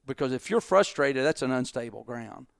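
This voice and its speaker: A man's voice: normal speed, vocal fry, no room sound, studio quality. A middle-aged man, a business owner, telling stories in a casual podcast chat and acting out the voices in them. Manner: animated storyteller, acts out quotes, jumps in pitch.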